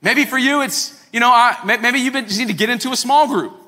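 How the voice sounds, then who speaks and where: A pastor delivering a lively sermon to his congregation, acting out quoted voices and repeating words as he builds his points. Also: very high voice, brisk. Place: church sanctuary. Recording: long hall reverb, faint music.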